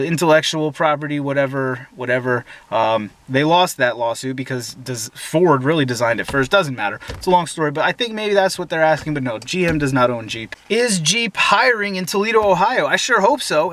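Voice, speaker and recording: A man's voice: fairly high pitch, lively intonation, moderate pace, fairly bright tone. A young man hosting a casual car Q&A from inside a parked SUV, opinionated and joking, with many fillers. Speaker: host. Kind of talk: casual automotive Q&A.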